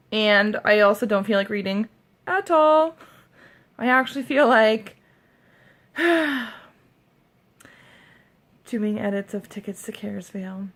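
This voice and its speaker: A woman's voice: a little high, a bit bright. A woman talking casually in a vlog, chatty and self-deprecating with frequent giggles. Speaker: vlogger.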